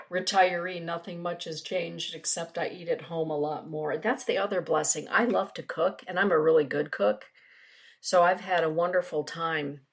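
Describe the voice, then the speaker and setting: A middle-aged woman who works as a spiritual teacher chats casually with viewers in a webinar and reads oracle card passages aloud. Her voice sits on the low side with a slightly bright quality.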